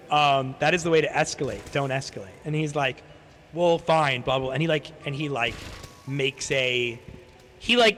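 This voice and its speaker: A man's voice: fairly high pitch, pushed and bright. A young man chatting casually on his stream, rambling through a story, swearing freely and acting out what other people said. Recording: long reverb, faint background noise.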